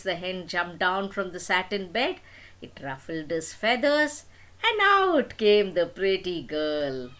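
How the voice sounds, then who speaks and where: Animated older woman telling a story. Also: on the low side. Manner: animated, dramatic. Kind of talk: storytelling to children.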